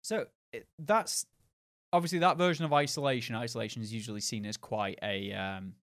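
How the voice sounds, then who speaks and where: A man's voice: mid-range voice, brisk, a bit bright, dry recording, studio quality. A man in a casual, rambling chat about games, hedging often with fillers. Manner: rambling, hesitant, lots of fillers. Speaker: podcast co-host.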